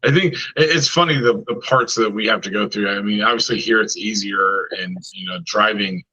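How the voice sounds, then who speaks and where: A man's voice: on the low side, moderate pace, bright, forceful tone, husky, rough recording. An American man hosting a podcast, chatting casually and rambling with lots of filler phrases. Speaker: podcast host. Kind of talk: casual chat.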